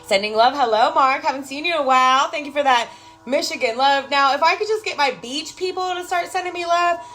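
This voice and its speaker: An emphatic woman talks to her live-stream viewers with a high voice and lots of warmth in her words, swearing and repeating lines for punch. She answers comments casually as she goes. Faint music plays behind her. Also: brisk, poor audio. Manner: emphatic, swears freely, repeats phrases for effect; affectionate, calls viewers girl and love.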